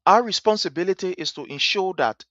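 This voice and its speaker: Woman as talk-show host, preachy emphatic delivery, swooping pitch, dry muffled sound. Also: animated, fairly quick, a bit bright, no echo. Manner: emphatic, repetitive, sermon-like rhetoric. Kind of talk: political commentary monologue.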